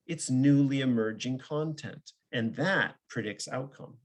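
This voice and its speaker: A man's voice: mid-range voice, slow pace. A man, a psychologist and professor, giving a conversational online seminar over a video call, explaining with examples and often checking in with "right?". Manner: explains with examples, ends points with questioning "right?".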